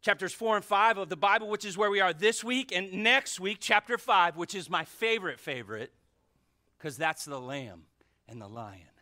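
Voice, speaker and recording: Man, pastor preaching, high voice, very lively pitch, bright tone, fervent, loud bursts and hushed asides. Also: normal speed. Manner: fervent, swings from shouting to near whispers. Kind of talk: sermon. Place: church sanctuary.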